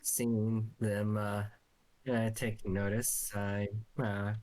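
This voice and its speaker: A man playing a tabletop game, hesitant and soft-spoken with many fillers. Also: on the low side, little pitch movement, extremely slow, slight background noise. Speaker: player.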